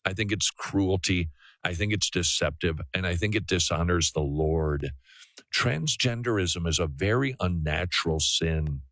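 A man's voice: sits low, a little slow, a bit bright, dry recording. A man hosting a call-in radio talk show, preaching earnestly and often restarting his sentences.

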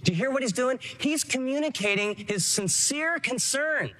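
A man's voice: extremely high pitch, expressive, moderate pace, bright, forceful tone. A man preaching a sermon as pastor, earnest and emphatic, acting out short quotes.

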